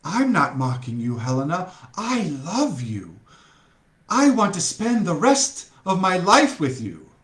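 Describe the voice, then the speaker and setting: Storybook lover, young man, earnest and murmuring as a male reader does him, slow, echoey room. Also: high voice, huge pitch swings, a bit bright, exaggerated voice. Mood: pleading.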